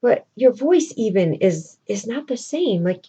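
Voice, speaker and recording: A woman putting on a lovestruck young noblewoman with a much higher, lilting voice. She asks searching, puzzled questions. The recording sounds dull and lo-fi. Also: big pitch swings, unhurried, mellow, breathy edge, full character voice.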